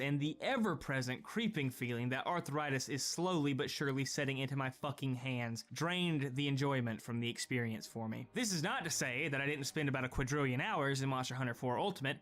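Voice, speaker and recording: A man's voice: medium pitch, fairly bright tone. A young man giving scripted gaming vlog commentary, profane and sarcastic, ranting with strong opinions. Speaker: gaming video creator.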